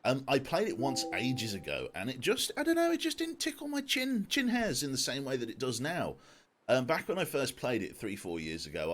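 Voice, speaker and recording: A man in his twenties chatting casually on a live game stream, jokey and self-deprecating, swearing casually. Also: on the low side. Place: home room. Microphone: desk microphone.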